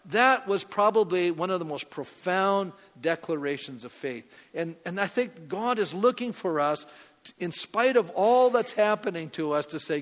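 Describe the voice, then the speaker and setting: High-voiced pastor preaching in a hall. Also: male voice, lively intonation, normal speed, fairly bright tone. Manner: conversational, asks the congregation questions. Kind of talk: sermon.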